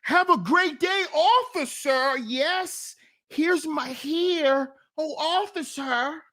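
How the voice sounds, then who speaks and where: A man mimicking a frightened grown man who stammers and pleads with a police officer in a high, whiny voice. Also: moderate pace, a little mellow. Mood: groveling.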